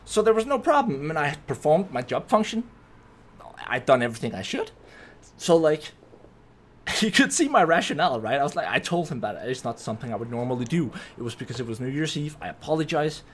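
Lively, husky-voiced man telling a story. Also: on the high side, fairly quick. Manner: rambling, frequent "right?" and restarts. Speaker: YouTube host. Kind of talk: casual storytime vlog.

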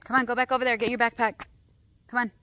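A woman's voice: fairly high pitch, level tone, fast talker, sharp tone, no echo. A woman, a mother vlogging her morning and talking to her toddler outdoors. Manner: chatty, scolding then coaxing her toddler. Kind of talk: casual family vlog. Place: outdoors by a street.

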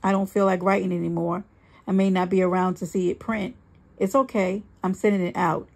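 A woman reading a first-person story aloud, earnest and emphatic, slowing down on key lines. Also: mid-range voice, little pitch movement, gravelly. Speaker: reader.

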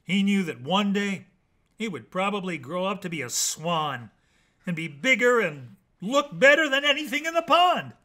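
A man reads children's bedtime stories aloud, playful and animated, with dramatic pauses. His voice sits fairly high and swings widely. The tone is bright and sharp. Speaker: storyteller. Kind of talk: bedtime storybook reading.

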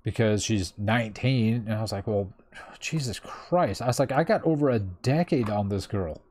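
A man's voice: lowish voice, brisk, a little mellow. A man in his thirties telling a personal story in casual chat, rambling with lots of fillers and swearing freely. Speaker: streamer.

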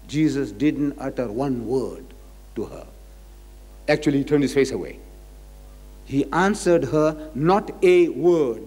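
Emphatic man lecturing in hall. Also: a little high. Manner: emphatic, rhetorical questions, swings from loud to quiet. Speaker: religious lecturer. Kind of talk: public lecture on scripture.

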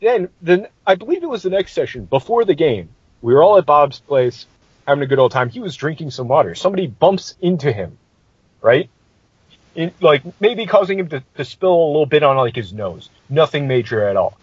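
Husky-voiced man ranting through a story. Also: on the high side, brisk, no room sound, muffled recording. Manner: profane, animated, exasperated. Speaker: podcast host telling a game story. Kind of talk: casual storytelling.

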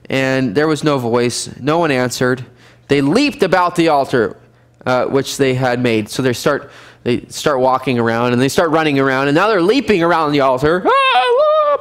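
A man teaching a casual Bible survey class as pastor, lively and animated, acting out scenes now and then. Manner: lively, animated, acts out scenes with sudden high shouts and laughs. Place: church fellowship room.

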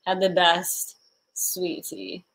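A woman's voice: fairly low pitch, little pitch movement, drawn-out words, a bit bright, low-quality recording. A woman hosting a casual livestream, giggling constantly and slap-happy tired. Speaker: livestream host.

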